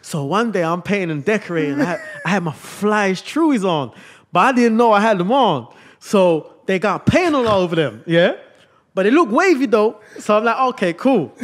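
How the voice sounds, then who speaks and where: A man's voice: high voice, lively intonation, normal speed. A young man, hosting a podcast and telling a long story in a casual, slang-heavy way. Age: young adult. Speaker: podcast host.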